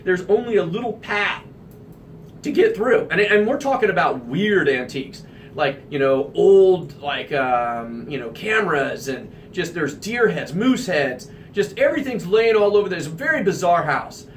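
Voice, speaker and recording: A man from the American Midwest hosting a radio talk show, telling an anecdote in an animated, emphatic way. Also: high voice, moderate pace, recorded from a distance, slight background noise. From Midwestern United States.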